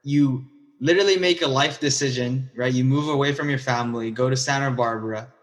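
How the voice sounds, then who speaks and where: A man interviewer sums up his guest's story in casual terms and then presses with follow-up questions. His voice sits at a middling pitch and carries a long, roomy reverb. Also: brisk.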